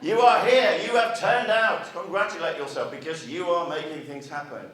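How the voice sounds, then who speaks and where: A man's voice: fairly high pitch, moderate pace, fairly bright tone. Man giving a speech in an echoey hall. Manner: chatty, asks the audience rhetorical questions. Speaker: marketing speaker. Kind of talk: conference speech to an audience. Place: meeting hall with a live audience. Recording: echoey hall, mic far off.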